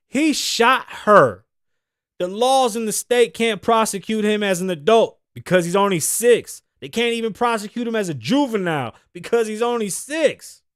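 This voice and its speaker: A brash man in his thirties from the United States, ranting profanely as a podcast host. His voice sits high for a man and swoops widely up and down. The sound is close and dry. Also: no room sound. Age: 30s. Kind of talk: solo comedic rant.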